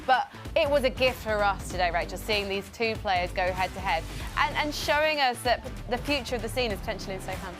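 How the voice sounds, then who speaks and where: A woman with a British accent presenting esports coverage in a chatty, expressive way. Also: mid-range voice, fairly quick, faint music behind.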